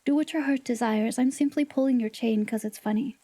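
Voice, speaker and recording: A woman's voice: fairly high pitch, fairly quick, warm tone, dry recording. A woman livestreamer chatting casually with her viewers, playful and teasing, sometimes dropping into whispered asides. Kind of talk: casual live-stream chat with viewers.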